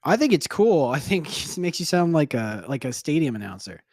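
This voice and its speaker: A man's voice: fairly high pitch, very animated, moderate pace, darkish tone. A man co-hosting a casual podcast, joking around and reading names out from the chat. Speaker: podcast co-host.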